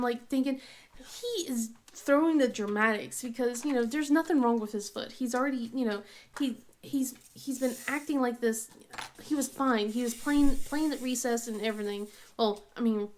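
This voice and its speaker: A woman in her thirties tells a story from home in a loose, chatty way. She laughs often and fills her talk with likes and ums. Her voice sits a little high. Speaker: crafting vlogger, mother. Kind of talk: casual storytelling chat.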